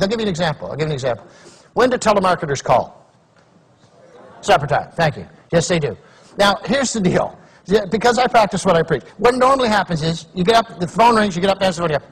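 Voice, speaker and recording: A man's voice: high-pitched, fast, breathy edge. A middle-aged man from Canada giving a humorous keynote talk, telling stories and acting out the voices of other people. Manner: animated storytelling, acts out voices. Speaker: motivational speaker.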